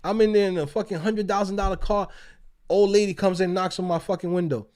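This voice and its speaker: A man's voice: high-pitched, fairly quick. A man, hosting a casual livestream, telling stories with lots of swearing and laughter. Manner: animated, profane, laughing storyteller. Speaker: livestream host. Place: outdoors.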